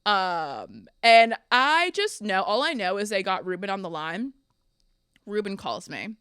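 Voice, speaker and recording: A young woman hosting a podcast, telling funny stories from her life in a chatty, animated way, often laughing. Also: medium pitch, unhurried, smooth, no echo, studio quality. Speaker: podcast host. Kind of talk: casual storytelling.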